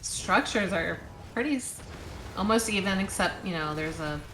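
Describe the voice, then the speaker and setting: A woman co-casting a live esports match, calmly listing hero picks and abilities and laughing easily. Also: mid-range voice, normal speed, roomy sound, a little hiss or hum, poor audio. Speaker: esports color caster. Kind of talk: live game commentary.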